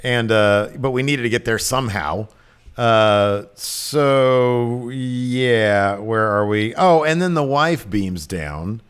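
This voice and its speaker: A man co-hosting a podcast, chatting casually as he recaps a TV episode and breaks into quick acted quotes. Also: medium pitch, smooth. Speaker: podcast co-host. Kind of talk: casual episode review chat.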